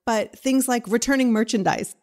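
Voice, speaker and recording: A woman's voice: a little high, darkish tone. A woman from Boston hosting an interview, with a friendly manner, asking questions and chiming in briefly. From Boston, USA. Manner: friendly, quick back-channel responses, laughs along. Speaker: podcast host. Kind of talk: interview conversation.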